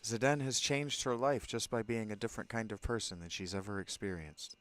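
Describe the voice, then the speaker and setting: A man's voice: fairly low pitch, fairly even intonation, brisk, fairly bright tone. A man casually commentating as he plays a game, with wry asides between the lines he reads. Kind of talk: let's play commentary.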